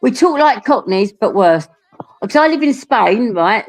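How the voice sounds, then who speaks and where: A woman's voice: mid-range voice, lively intonation, moderate pace, soft background music. A woman from England with an Essex accent, chatting casually as a panel guest, laughing often and swearing freely. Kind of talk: casual livestream chat.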